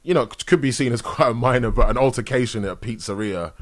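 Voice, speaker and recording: A man hosting a casual interview, talking in a soft, reflective way that often drops to a murmur. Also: mid-range voice, quick pace. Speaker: host. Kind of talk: casual video-call interview.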